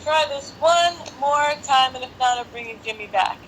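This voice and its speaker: Woman hosting a phone livestream from home, talks a lot, jokes around, pretty high voice. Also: normal speed, fairly bright tone, a little hiss or hum, rough recording. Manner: chatty, joking, talks to herself while waiting. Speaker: host. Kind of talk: casual live-stream chat. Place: home apartment.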